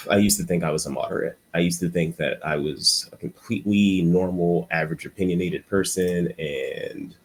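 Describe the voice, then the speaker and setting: A man's voice: low-pitched, moderate pace, slight background noise. A man giving an unscripted commentary monologue for a video essay. He rambles and stutters, restarting his sentences often.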